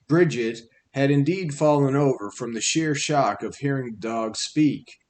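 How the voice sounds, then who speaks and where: A man narrating an audiobook story in a measured, wry storytelling manner. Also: mid-range voice, darkish tone.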